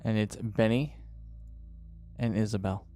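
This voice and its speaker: A man narrating a tabletop game as game master, in a dramatic, drawn-out style with pauses. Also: on the low side, fairly even intonation, warm tone, soft background music.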